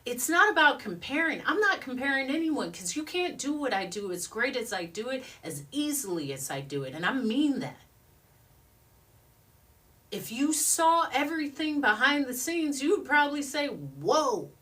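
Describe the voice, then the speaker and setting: A woman gives a motivational talk, her higher, bright voice swinging widely in pitch. She stresses her words and repeats affirmations over and over until they fall into a chant. Her voice sits a little back from the mic in a studio. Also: very animated, moderate pace, far from the mic. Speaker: motivational speaker.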